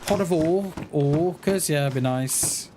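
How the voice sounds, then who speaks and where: A man's voice: a little high, a little slow, noisy background. Playful man streaming a game. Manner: playful, jokey banter with chat. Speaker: livestreamer. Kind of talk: casual chat while gaming.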